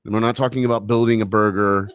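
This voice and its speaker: A man's voice: lowish voice, fairly even intonation, fast, clean tone, no echo, lo-fi sound. A man hosting a radio talk show, bantering casually with wry, joking asides.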